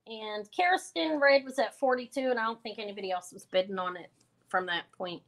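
A woman's voice: mid-range voice, brisk. Woman running a live jewelry auction, rambly and chatty, lots of ums. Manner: chatty and rambling, with fillers and self-corrections. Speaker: online jewelry auction host. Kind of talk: casual live-stream selling chat.

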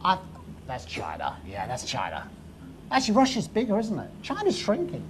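A woman lecturing to a live audience in a lecture room. Her voice sits on the low side but leaps around with lively, animated inflection. She spins history into a story and keeps asking the audience questions, over a faint hum of room ambience. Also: normal speed. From England.

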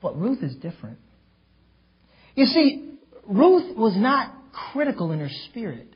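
A male pastor preaching a sermon emphatically, with sudden loud outbursts. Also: high voice, wildly swooping pitch, a little slow, husky, muffled recording. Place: church.

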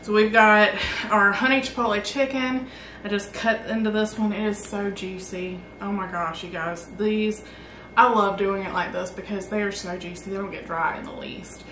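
A woman hosting a casual barbecue cooking vlog, chatty and excited as she cooks and tastes the food. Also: medium pitch, moderate pace, roomy sound, distant mic, a little hiss or hum, low-quality recording. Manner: excited, chatty, talks while tasting. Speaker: barbecue channel host.

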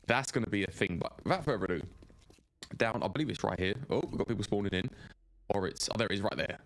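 Chatty man streaming a game, low voice. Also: fast. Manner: rambling, chatty, greets viewers by name. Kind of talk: live gameplay commentary.

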